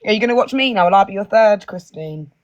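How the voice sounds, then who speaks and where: Fast, teasing young woman hosting a phone livestream with playful banter. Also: medium pitch, expressive, lo-fi sound. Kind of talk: casual livestream chat.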